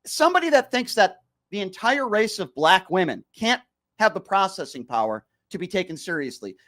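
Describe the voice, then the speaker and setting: A man's voice: high voice, very animated, normal speed, pushed and bright. A male radio host arguing with a caller on a call-in show, combative and sarcastic, often interrupting. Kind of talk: heated call-in radio debate.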